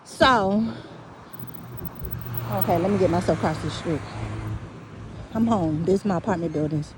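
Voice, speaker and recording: A woman telling a story in casual, profane, animated talk while walking outdoors at night, speaking into a phone. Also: on the low side, moderate pace, background noise. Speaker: vlogger. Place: outdoors on a dark street at night.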